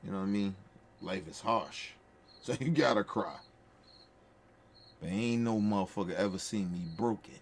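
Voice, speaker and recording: A man's voice: low voice, a little fast, a little hiss or hum. A man talking in a casual, emphatic way, repeating his points with heartfelt, profane conviction as a podcast host. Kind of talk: casual storytelling chat.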